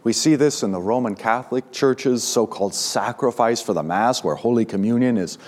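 A man's voice: medium pitch, normal speed, a little mellow, a little hiss or hum. Emphatic male pastor preaching a sermon. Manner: emphatic, rising sharply on key words.

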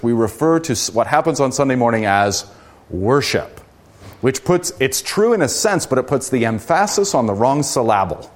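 A middle-aged man leading a teaching session as a Lutheran pastor. His voice sits on the low side. He talks in a relaxed but earnest way, jumping up in pitch to stress key words. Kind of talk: conversational teaching from a book.

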